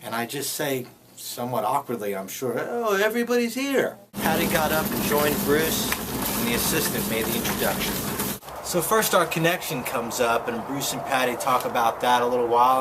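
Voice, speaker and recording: A man from New Jersey telling a personal story in a wry, self-mocking way. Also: medium pitch. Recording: handheld camera with loud vehicle noise.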